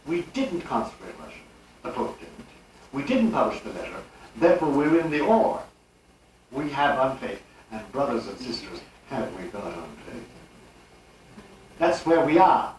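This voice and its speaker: Older male lecturer, animated and rhetorical; distant room mic, heavy echo, faint hiss. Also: medium pitch, moderate pace. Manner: animated, rhetorical, chuckling asides. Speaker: speaker. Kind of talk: live religious lecture. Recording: old live tape, distant and echoey.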